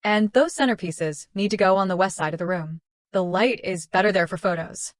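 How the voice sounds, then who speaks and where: A woman's voice: mid-range voice, brisk, no echo, natural voice. A woman reading the lines of a controlling middle-aged mother-in-law with a sugary, bossy way of talking, recorded dry.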